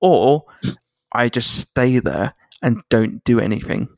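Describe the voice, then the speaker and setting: A man's voice: mid-range voice, expressive, slow, creaky, dry recording. A man, co-hosting a casual podcast, self-deprecating and hesitant, often restarting his sentences. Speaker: podcast co-host. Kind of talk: casual chat.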